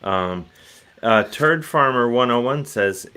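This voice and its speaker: A man's voice: mid-range voice, expressive, slow pace, bright, forceful tone, a little hiss or hum. A man hosting a casual talk show, rambling and self-deprecating, often restarting his sentences. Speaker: host.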